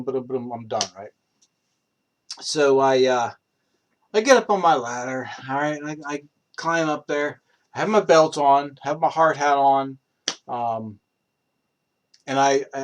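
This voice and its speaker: A young man telling a rambling personal story, with many fillers, restarts and swearing. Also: mid-range voice. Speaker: improv storyteller. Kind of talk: casual rambling anecdote.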